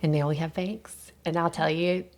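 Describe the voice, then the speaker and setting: A woman in her thirties, a podcast guest telling a personal story in candid, animated casual chat, often breaking into laughter. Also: deep voice, moderate pace.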